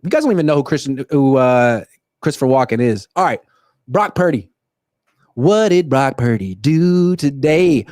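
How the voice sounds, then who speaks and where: A young man hosting a solo sports show, ranting in animated, quick bursts. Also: mid-range voice, dry recording, studio quality. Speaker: sports podcast host. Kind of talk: solo livestream commentary.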